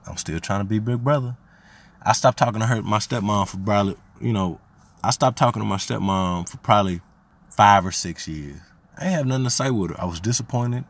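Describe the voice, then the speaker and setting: A man from Arkansas, hosting a podcast and telling family stories in a slangy, rambling way that turns heated when he is riled. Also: lowish voice. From Arkansas, USA. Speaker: podcast host. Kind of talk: casual storytelling monologue.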